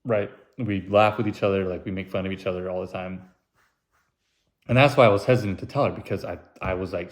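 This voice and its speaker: Rambling, self-mocking podcast guy. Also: fairly quick. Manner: puts on silly high voices when quoting. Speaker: podcast host. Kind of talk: casual solo podcast monologue.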